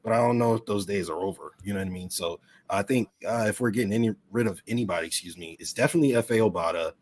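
A man's voice: fairly low pitch, racing, darkish tone. A man who is a guest on a sports podcast, talking over a remote call. He talks in a rambling, enthusiastic way and often corrects himself. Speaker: podcast guest, brand president. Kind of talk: casual sports chat.

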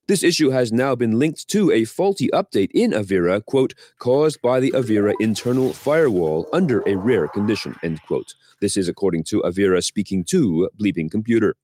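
Lively male news reader. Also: mid-range voice, a little hiss or hum. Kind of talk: scripted news reading.

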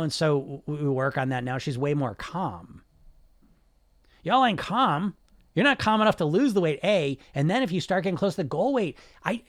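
A man's voice: high-pitched, dry recording, clean studio sound. A man coaching weight loss in an emphatic monologue, swearing freely and firing off rhetorical questions. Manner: emphatic, profane, rapid talk with rhetorical questions. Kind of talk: podcast monologue.

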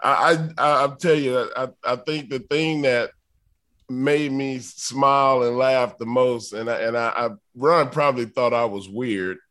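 A man's voice: mid-range voice, fairly even intonation, measured pace, fairly bright tone. A man with an ordinary mid-range voice tells a story in a casual chat. He stammers and restarts as he goes. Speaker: podcast co-host, former wrestler.

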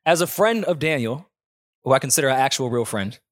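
A man's voice: mid-range voice, lively intonation, a little fast, dry recording, studio quality. A man co-hosting a podcast, chatting casually and dryly while reacting to a music video. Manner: laid-back, wry commentary. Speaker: podcast co-host.

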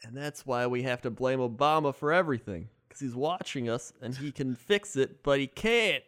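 A man co-hosting a comedy podcast, laid-back and quick to laugh. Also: medium pitch, fairly bright tone, no echo, studio quality. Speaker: podcast co-host. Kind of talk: casual comedy chat.

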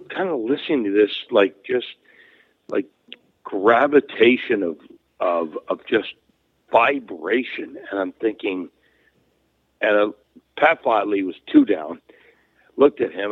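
A man's voice: on the low side, expressive, takes it slowly, long pauses, breathy edge, dry recording. A man, a former hockey player, telling stories as an interview guest in a rambling way, full of fillers and restarts. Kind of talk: casual storytelling. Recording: phone-like narrow sound.

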